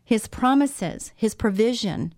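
A woman's voice: a little high, animated, takes it slowly, darkish tone, no echo, studio quality. A middle-aged woman hosting a Christian radio talk show, speaking in a conversational preaching manner with emphatic repetition.

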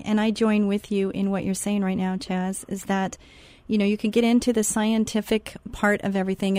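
A woman's voice: medium pitch, darkish tone, dry recording. Radio host lady, dry studio sound, punchy and preachy. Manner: emphatic, preaching cadence. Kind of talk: Christian radio talk.

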